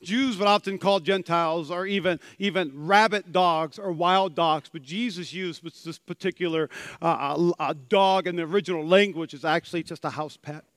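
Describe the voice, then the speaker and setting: A man preaching a sermon as pastor, animated and acting out quotes with big swings in loudness. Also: high voice, moderate pace, no echo, studio quality.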